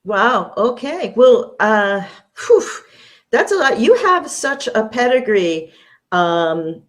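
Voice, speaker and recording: A woman hosting a talk show, smoothly reading a formal guest introduction and leading the interview. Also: on the high side, sing-song, slow pace. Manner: polished, reads introductions smoothly.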